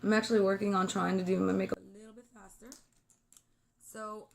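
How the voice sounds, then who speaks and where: A woman's voice: mid-range voice, little pitch movement, brisk, vocal fry. A woman from Brooklyn with a New York accent touched by a slight Southern twang, chatting casually as she does her makeup at home. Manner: chatty, talks while applying makeup, drifts off topic. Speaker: beauty vlogger. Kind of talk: casual makeup tutorial chat.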